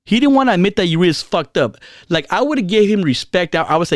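A man's voice: a little high, big pitch swings, moderate pace, no echo, clean studio sound. A man ranting casually and heatedly, repeating himself, swearing and using slang. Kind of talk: casual rant.

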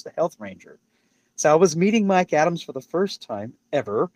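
A man telling stories in casual chat as a podcast guest, rambling and animated, often restarting and quoting people. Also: medium pitch, no room sound. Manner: rambling, animated, many restarts and quoted voices. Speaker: podcast guest, product maker. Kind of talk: casual storytelling.

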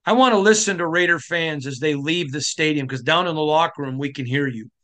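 A middle-aged man from Michigan hosting a sports podcast, giving a passionate, emphatic monologue that climbs to shouting. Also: on the high side, fairly quick. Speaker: podcast host.

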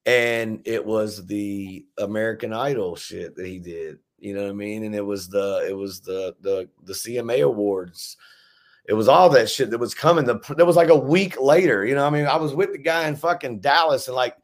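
A man's voice: fairly low pitch, moderate pace. Rambling man telling stories. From Memphis, Tennessee. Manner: rambling, heavy swearing, frequent restarts. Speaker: podcast guest, rapper. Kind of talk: casual storytelling conversation.

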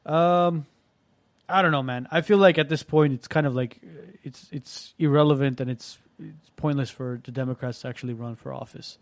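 A man's voice: mid-range voice, normal speed, no echo. A man co-hosting a casual political chat, rambling through his points. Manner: rambling, full of fillers and restarts.

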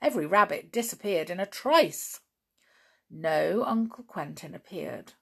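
A woman storyteller reads a children's adventure book aloud in an animated, expressive way. Her pace is slow and her pitch moves a lot, with a gravelly fry at the ends of phrases.

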